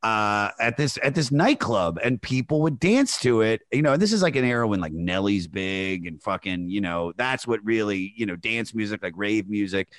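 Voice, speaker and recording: A man's voice: fairly low pitch, lively intonation, normal speed, few pauses, a bit bright, no room sound. A man telling a long story in casual podcast chat, rambling with many fillers. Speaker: podcast guest.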